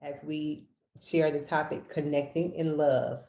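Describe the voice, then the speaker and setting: Woman, podcast host, low voice, casual family chat, echoey room. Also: measured pace, gravelly. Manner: animated storyteller who acts out quotes.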